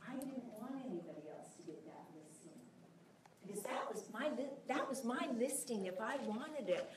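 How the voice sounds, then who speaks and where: A woman's voice: fairly high pitch, animated, normal speed, a loud crowd. A woman giving a passionate live talk to an audience as a sales coach, emphatic and acting out conversations with clients. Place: large room before a live audience. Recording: echoey room, voice from far off.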